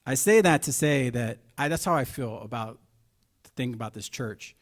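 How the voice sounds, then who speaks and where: A middle-aged man preaches a sermon full of rhetorical questions, moving between quiet asides and loud, stressed points. His voice is medium-pitched with lively intonation, at a normal speed.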